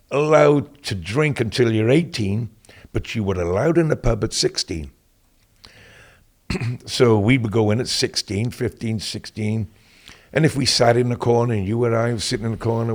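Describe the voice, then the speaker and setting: An older man with a British accent, a podcast guest telling relaxed stories in casual interview talk, often saying "you know" and clearing his throat. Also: medium pitch. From Britain.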